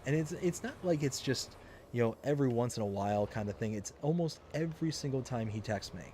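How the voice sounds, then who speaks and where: A man's voice: mid-range voice, lively intonation, fairly quick, a little mellow, slight background noise. A man hosting a live stream of a farming game, chatting casually, reading viewer comments aloud and rambling through stories with frequent laughs. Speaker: livestream host playing a farming game. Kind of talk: casual livestream chat.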